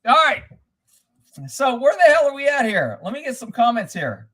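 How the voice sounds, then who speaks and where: A man with a high-pitched voice chats casually on his livestream. He rambles through stories, swears freely and breaks into laughter often. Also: sing-song, normal speed, fairly bright tone. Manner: profane, rambling storyteller who laughs often. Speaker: livestream host. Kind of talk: casual live-stream chat, reading comments.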